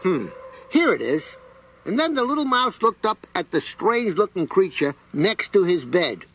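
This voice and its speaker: An actor playing a clever little male mouse in an animated film, drawling slowly and wryly in a gravelly voice. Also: high-pitched, a little hiss or hum, heavily acted. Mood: storytelling. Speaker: storyteller.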